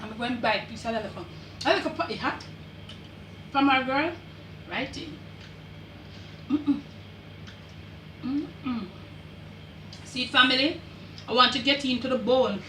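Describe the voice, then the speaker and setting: Here the older woman with a Jamaican accent runs her home cooking demo at a measured pace, pausing often in a high, slightly bright voice. She stays chatty, tossing in patois asides as she guides the camera, and the roomy kitchen carries slight background noise.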